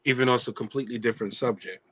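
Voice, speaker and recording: A man hosting a casual talk show, telling teasing stories in an animated way. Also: mid-range voice, racing, husky, no room sound. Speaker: show host.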